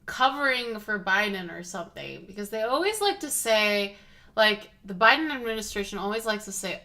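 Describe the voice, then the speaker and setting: A woman's voice: mid-range voice, expressive, moderate pace, pushed and bright. A woman streamer giving casual political commentary, rambling with lots of "like" fillers and feeling car sick.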